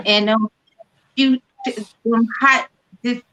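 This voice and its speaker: A woman's voice: a little high, steady tone, slow, sharp tone, highs cut off. A woman joking bluntly and laughing in a casual group chat.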